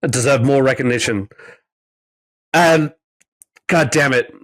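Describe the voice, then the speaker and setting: A man's voice: medium pitch, a bit bright, dry recording, low-quality recording. A man co-hosting a podcast in casual chat, teasing his friends and laughing often. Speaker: podcast co-host.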